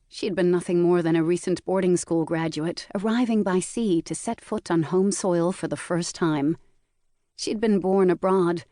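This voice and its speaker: A woman narrating a historical mystery audiobook in a measured storytelling manner, recorded in a booth. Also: lowish voice, warm tone, dry recording, studio quality. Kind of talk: scripted narration.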